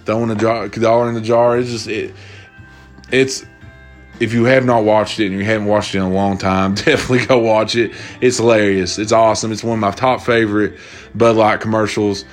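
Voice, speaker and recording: A young man with a voice on the low side and little pitch movement talks a little fast over soft background music. Hosting a casual solo podcast, he rambles and swears freely while retelling stories in a loose, profane way.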